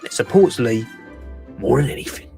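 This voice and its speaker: A man's voice: mid-range voice, expressive, normal speed, vocal fry, dark tone, faint music behind. A man and show regular doing a playful plug for the show, acting out little street dialogues.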